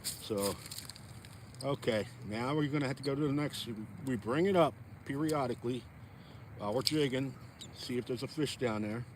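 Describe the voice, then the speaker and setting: On a frozen lake, a chatty fishing vlogger speaks straight to his audience in a folksy, casual outdoor vlog. His voice is mid-range and moderately paced, and the background is noisy.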